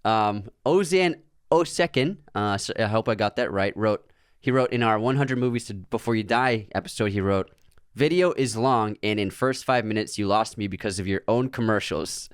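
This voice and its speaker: A man's voice: on the low side, normal speed, smooth, dry recording. Dry-miked man, podcast co-host. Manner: reads listener comments aloud, laughing often. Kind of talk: casual chat.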